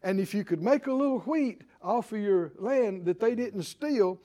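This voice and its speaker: A man preaching a sermon, animated and acting out Bible figures with chuckles. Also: high-pitched, normal speed.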